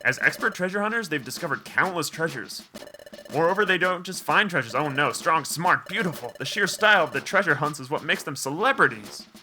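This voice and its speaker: A man's voice: a little high, expressive, brisk, pushed and bright, slight background noise. A man hosting a game playthrough, chatting casually and reading game dialogue aloud with joking asides. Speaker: let's play host.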